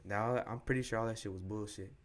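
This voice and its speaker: A man's voice: lowish voice, fairly even intonation, fast. A young man co-hosting a podcast, frankly retelling a breakup in slangy, profane everyday talk. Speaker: podcast co-host. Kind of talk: candid personal storytelling.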